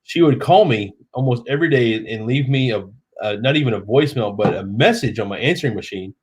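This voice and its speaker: A man's voice: mid-range voice, lively intonation, brisk. A man in his thirties, tipsy, hosting a live stream in chatty, rambling casual talk. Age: 30s.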